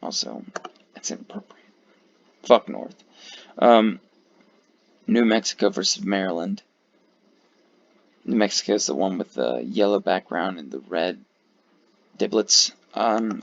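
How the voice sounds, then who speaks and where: Tired male creator, low gravelly voice, swearing offhand commentary, lo-fi mic. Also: animated, measured pace, long pauses. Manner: rambling, profane, many fillers. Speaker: video creator ranking flags. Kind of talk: casual commentary. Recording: dull lo-fi mic.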